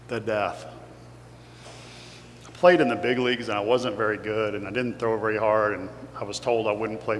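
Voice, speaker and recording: A man from Kentucky with a Kentucky accent, giving an earnest, emotional motivational talk to an audience. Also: fairly low pitch. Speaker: guest speaker. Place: large hall with audience. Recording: echoey hall with faint hum.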